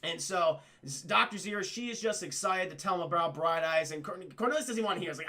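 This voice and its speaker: High bright excitable male streamer. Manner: excitable, profane, acts out characters in quick voices. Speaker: film reviewer streaming to chat. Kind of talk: casual live-stream film recap.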